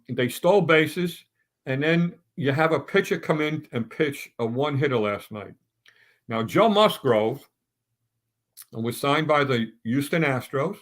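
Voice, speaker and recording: On a sports talk round table, a middle-aged man rants bluntly in a mid-range, fairly bright voice, stumbling through restarts as he builds his points.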